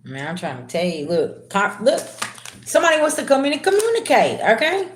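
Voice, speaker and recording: A woman reading tarot on a live stream, slangy and chatty, calling her viewers "babies" and swinging from low murmurs to loud, excited bursts. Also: brisk, slight background noise. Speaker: tarot reader. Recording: roomy echo.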